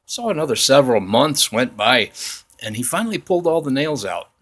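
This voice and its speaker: A man's voice: mid-range voice, sing-song, fairly quick, a bit bright. A man telling a homespun story in a rambling, folksy way, leaning on "he says" as he goes. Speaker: storyteller in costume persona. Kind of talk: folksy spoken tale. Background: faint chanting.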